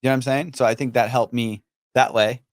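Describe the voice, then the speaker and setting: Man from Iran, comedian guest, casual podcast chat, profane, filler-heavy, mid pitch, dry close sound. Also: steady tone, fast talker, no room sound. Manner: loose and profane, many fillers like you know.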